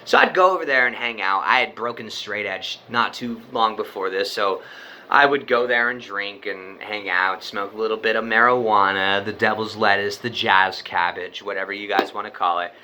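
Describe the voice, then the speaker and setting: Bright, profane young man telling a story. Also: lowish voice, moderate pace, slight background noise. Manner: rambling, profane, full of "like" and "you know". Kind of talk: casual spoken storytelling.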